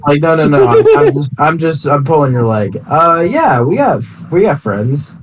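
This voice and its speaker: A man's voice: on the high side, sing-song, normal speed, poor audio. A man playing a tabletop role-playing game in character, joking playfully. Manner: playful and jokey, with frequent laughs and restarts.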